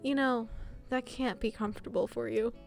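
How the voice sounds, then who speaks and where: This is a soft-spoken, calm young woman, read aloud by a female streamer, caring and unhurried. Her voice sits fairly high yet stays quiet and reassuring. A gentle visual novel companion. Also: vocal fry, soft background music.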